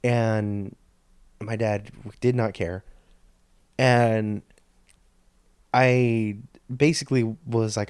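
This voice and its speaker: A man's voice: lowish voice, fairly even intonation, very slow, pauses often, darkish tone, smooth, dry recording. A man hosting a podcast, telling a story in a rambling, profane, stop-start way into a studio microphone. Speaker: podcast host. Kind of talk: casual storytelling monologue.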